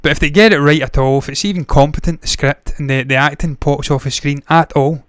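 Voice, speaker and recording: Male movie-news host, fairly high voice, smooth and dry; swears freely and rambles off on tangents. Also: fairly even intonation, brisk, no echo. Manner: blunt, profane, rambling with tangents. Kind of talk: casual solo commentary.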